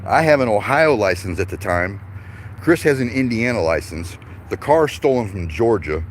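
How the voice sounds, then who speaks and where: A man's voice: on the low side, lively intonation, moderate pace, slight background noise. A man telling a long casual story, rambling and profane, chuckling between lines. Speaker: vlogger.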